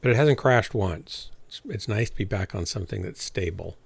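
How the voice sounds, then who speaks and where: Low, gravelly-voiced game streamer. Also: male voice, moderate pace, no echo. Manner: chatty, rambling, talks to teammates. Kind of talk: casual gaming livestream chat.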